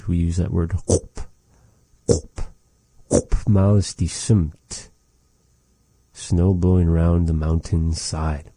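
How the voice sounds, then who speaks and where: Man, very low dark voice, unhurried patient teacher repeating words, dry close mic. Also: no echo. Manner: slow, patient, repeats each word, folksy asides. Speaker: language teacher. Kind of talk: slow vocabulary lesson with repeated words.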